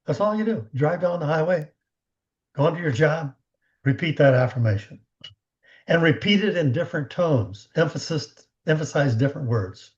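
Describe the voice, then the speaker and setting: A man giving a motivational coaching talk on a team call, animated, acting out the conversations he retells. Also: fairly high pitch, moderate pace, dull audio. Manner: animated storyteller who acts out quoted conversations.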